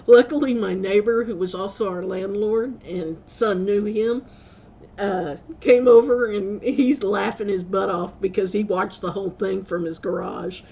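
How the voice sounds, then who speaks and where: A woman's voice: mid-range voice, measured pace, gravelly, mellow, highs cut off, a little hiss or hum. A woman vlogger telling rambling stories in a casual way, laughing often and correcting herself as she goes. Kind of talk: casual storytelling.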